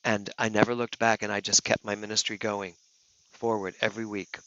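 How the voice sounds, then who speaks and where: A man giving a talk as a minister, telling a personal story in an earnest, emotional way. His voice moves from hushed to loud. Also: fairly low pitch, level tone, brisk, lo-fi sound. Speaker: guest speaker, minister.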